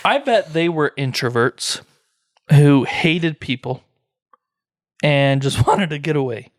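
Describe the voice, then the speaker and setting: A man co-hosts a casual podcast chat with blunt, joking remarks. His voice sits at a middle pitch and sounds close and dry. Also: lively intonation, takes it slowly, no echo. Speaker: podcast co-host.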